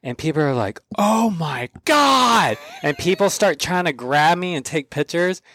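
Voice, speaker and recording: A man hosting a podcast, telling animated stories in casual chat and acting out other people's voices. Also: fairly high pitch, normal speed. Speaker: podcast host.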